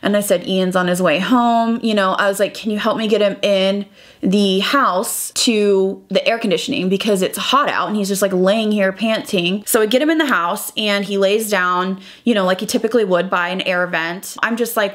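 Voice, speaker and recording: A woman's voice: medium pitch, steady tone, moderate pace. A young woman vlogger recounting a painful personal story while doing her makeup, talking in a rambling, emotional way full of "like" and quoted dialogue. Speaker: beauty vlogger.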